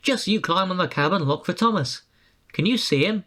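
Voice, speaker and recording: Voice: medium pitch, expressive, moderate pace, fairly bright tone. A storyteller voicing a jovial but firm male driver. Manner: laughing, firm.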